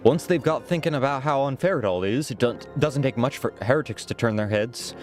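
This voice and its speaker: Hired spearman, Irish lilt, rough and plain-spoken, as a streamer reads him with stumbles; medium voice over quiet game music. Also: medium pitch, expressive, lightly acted. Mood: gossipy. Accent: put-on Irish. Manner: halting, stumbling over lines. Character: rough-spoken male soldier for hire.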